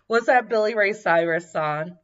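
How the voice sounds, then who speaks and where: A woman's voice: medium pitch, normal speed, a bit bright, highs cut off. A woman co-hosting a podcast, telling a story casually, laughing often and acting out quotes. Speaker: podcast co-host.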